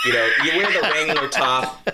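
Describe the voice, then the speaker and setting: A man co-hosting a casual podcast, teasing the others with quick, playful riffs. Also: fairly high pitch, lively intonation, very noisy. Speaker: podcast co-host. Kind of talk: casual chat.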